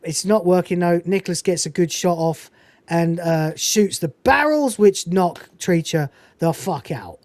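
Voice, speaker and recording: A podcast host with a lowish voice and measured pace, recorded dry, gives a casual recap of a film scene. She's animated and profane, swearing freely and wandering off on tangents.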